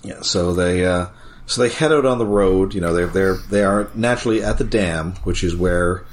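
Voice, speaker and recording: A man's voice: sits low, moderate pace. A man co-hosting a podcast, recapping episodes in a joking, casual way. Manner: joking, slips into silly impressions.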